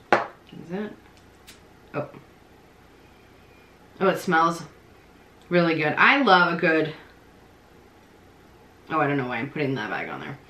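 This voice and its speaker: A woman vlogger chatting excitedly as she unboxes beauty products, thinking out loud. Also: deep voice. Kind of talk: casual unboxing chat. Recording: echoey room.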